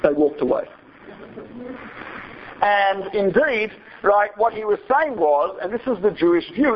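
A man's voice: sits high, lively intonation, moderate pace, a little hiss or hum. A male rabbi telling a story to his students in a digressive, chatty lecture, often checking in with a rhetorical "right?". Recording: dull lo-fi recording.

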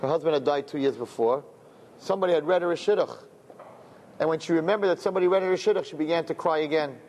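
A man's voice: on the high side, fast talker, darkish tone. A man telling a religious story to a gathering, often repeating phrases and glossing Hebrew terms in English. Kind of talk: storytelling talk.

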